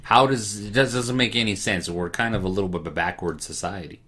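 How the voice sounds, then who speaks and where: A man with a low, forceful, sharp-edged voice talks in casual podcast chat. He is blunt and sarcastic, tossing out strong opinions. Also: fairly even intonation, a little fast. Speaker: podcast co-host.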